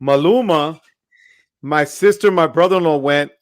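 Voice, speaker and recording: A man's voice: fairly high pitch, moderate pace. A man in his fifties hosting a casual livestream chat, playful and teasing, dropping Spanish words into his talk. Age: 50s. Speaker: host.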